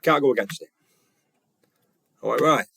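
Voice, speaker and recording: A man's voice: medium pitch, normal speed, creaky, bright, forceful tone, breathy edge, no room sound. A man telling a story in a casual monologue, retelling conversations bluntly and earnestly. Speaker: vlogger.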